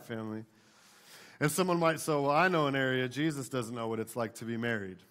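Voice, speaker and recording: A man in his thirties preaching a sermon in a church, talking to the congregation conversationally with frequent "right?" tag questions and animated storytelling. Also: medium pitch. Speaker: pastor. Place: church sanctuary.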